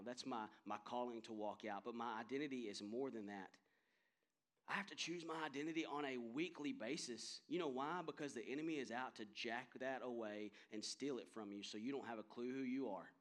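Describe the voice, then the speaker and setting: A man's voice: mid-range voice, a little fast. A man in his thirties, a pastor, preaching a sermon with impassioned emphasis that builds to strong peaks. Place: church sanctuary.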